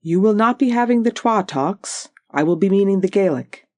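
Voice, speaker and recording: Proud old Highland widow, Scottish Highland accent, rich and powerful, stately lilting delivery, as an audiobook narrator puts her on; dry close recording. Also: lively intonation, normal speed, darkish tone, dry recording, natural voice. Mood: wistful. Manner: stately, lilting, repeats "oh yes".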